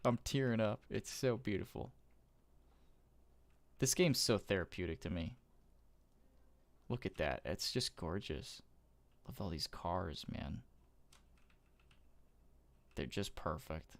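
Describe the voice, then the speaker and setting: A man giving casual gameplay commentary, gushing with awe and often trailing off into soft murmurs. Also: low-pitched, lively intonation, slow, long pauses. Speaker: gaming YouTuber.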